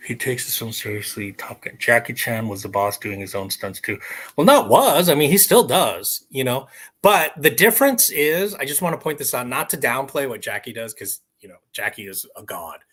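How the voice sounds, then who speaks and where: A man talking casually to camera during an unboxing, rambling and swearing, with loud bursts of excitement, recorded at home on a camera mic. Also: mid-range voice, moderate pace, husky, poor audio. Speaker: vlogger. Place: someone else's home. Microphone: external mic on camera.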